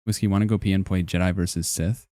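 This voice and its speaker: A man's voice: deep voice, fairly even intonation, quick pace, warm tone, no room sound, studio quality. A young man streaming live, chatting casually and joking as he reacts to his chat in a rambling way.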